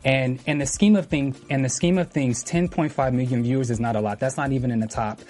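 A co-host of a fan talk show, making a point haltingly with restarts in casual panel chat. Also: mid-range voice, fairly even intonation, darkish tone.

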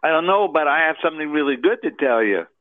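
A man's voice: fairly high pitch, animated, quick pace, dry recording. A man calling in to a podcast, earnest and eager, repeating himself as he talks. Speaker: caller. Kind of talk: casual call-in chat. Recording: tinny phone line.

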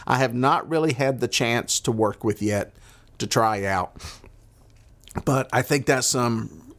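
A man's voice: medium pitch, slow pace, fairly bright tone. Folksy Southern man rambling. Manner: rambling, folksy, with filler words. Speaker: podcast host. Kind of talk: casual monologue. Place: at a desk.

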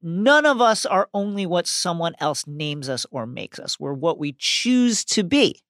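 A woman's voice: lowish voice, very animated, a little slow, fairly bright tone, dry recording, clean studio sound. A woman co-hosting a podcast, thoughtful and playful in a casual book discussion. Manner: thoughtful, playful, reads passages aloud. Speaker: podcast co-host.

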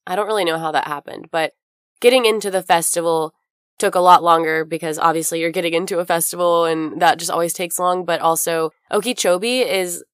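A woman's voice: on the low side, fairly even intonation, a little fast, smooth, dry recording, studio quality. A young woman hosting a podcast, telling a story in a chatty way while getting over a cold. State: recovering from a cold. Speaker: podcast host. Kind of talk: casual chat.

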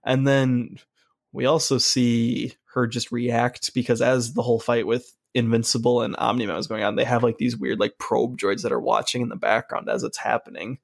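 Gravelly-voiced enthusiastic podcast guy. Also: mid-range voice, flat delivery, normal speed, dry recording, studio quality. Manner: enthusiastic, gushing fan talk. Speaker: podcast co-host. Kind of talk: casual chat.

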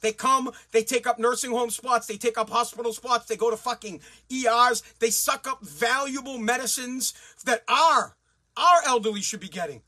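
A man's voice: extremely high pitch, moderate pace, bright, forceful tone. A man from the United States delivering a heated, crude political rant, swearing often and speaking bluntly. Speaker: commentator.

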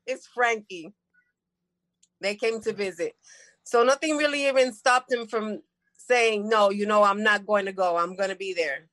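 A woman's voice: a little high, normal speed, fairly bright tone, dry recording, low-quality recording. Heartfelt woman in her fifties. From New York. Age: 50s. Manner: heartfelt, tender, storytelling. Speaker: daughter giving a family tribute. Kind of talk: emotional family tribute on a video call.

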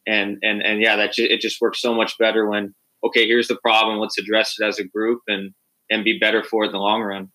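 Brief: male podcast host, low-ish pitch, bright tense tone, measured delivery. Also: completely flat delivery, rough recording. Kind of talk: casual interview talk.

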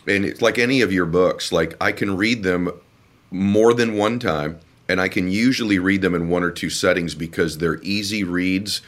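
Low-voiced emotional male podcast host. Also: a bit bright. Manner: emotional, effusive, halting with fillers. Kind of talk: interview podcast conversation.

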